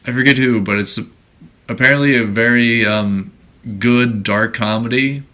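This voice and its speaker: A man's voice: mid-range voice, moderate pace, pushed and bright. A man hosting a podcast in casual chat, teasing his co-host with joking banter.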